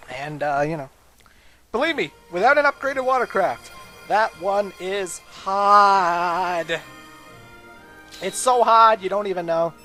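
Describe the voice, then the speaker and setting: A man giving casual, chatty gameplay commentary as a let's play host, with frequent asides to viewers. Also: sits high.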